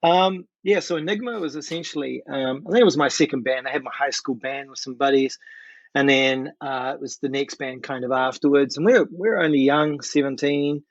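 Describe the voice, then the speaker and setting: A man in his fifties with a New Zealand accent, telling a story as a podcast guest in an animated way and acting out what people said. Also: medium pitch, brisk, dry recording, dull audio. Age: 50s. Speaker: guest musician. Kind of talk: casual storytelling.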